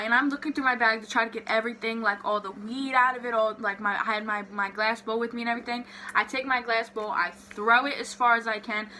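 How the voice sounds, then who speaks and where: A young woman vlogger telling a story in a casual, animated way, swearing freely and saying "like" a lot. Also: a little high, slight background noise.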